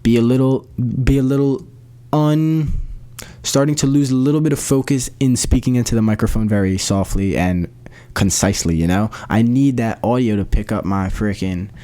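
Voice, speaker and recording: A man's voice: mid-range voice, moderate pace, mellow. A young man hosting his own podcast, talking casually in a slangy, rambling way with lots of restarts. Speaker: podcast host. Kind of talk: solo podcast update.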